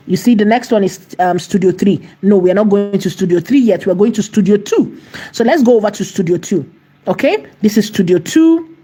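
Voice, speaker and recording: Tutorial host, woman, husky mellow voice, keeps checking in with "okay?", asks herself rhetorical questions. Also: mid-range voice. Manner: repetitive, checks in with "okay?" and "right?". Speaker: AI video tutorial creator. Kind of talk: screen-recorded tutorial walkthrough.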